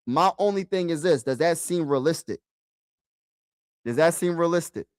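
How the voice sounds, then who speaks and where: A man's voice: fairly high pitch, normal speed, clear, resonant tone, no echo, clean studio sound. Chatty man live-streaming to his chat. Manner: talks to chat, repeats himself, casual slang. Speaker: sports streamer.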